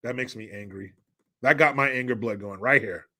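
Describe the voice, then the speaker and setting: A man's voice: mid-range voice, normal speed, pushed and bright. A man hosting a live-stream commentary, ranting in a sarcastic, mocking and profane way. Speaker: livestream commentary host.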